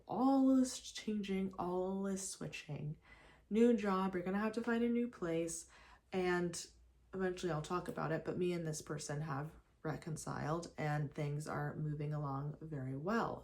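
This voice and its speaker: A young woman chatting casually while getting ready, talking about faith and surrender, with lots of restarts and fillers. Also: sits low. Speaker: faith vlogger. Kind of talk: casual get-ready-with-me chat. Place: at home.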